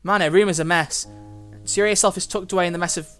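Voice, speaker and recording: Reading a visual novel aloud for a let's play, this young man has a high-sitting voice with fairly even intonation and talks fast. Soft game music plays behind his chatty, worried reactions.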